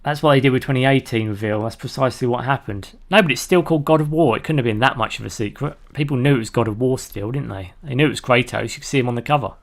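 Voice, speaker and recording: A man's voice: mid-range voice, fast talker, hardly any pauses. A man giving casual live-stream commentary while playing a video game, rambling and chatty as he talks to his viewers. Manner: laughs easily at his own jokes.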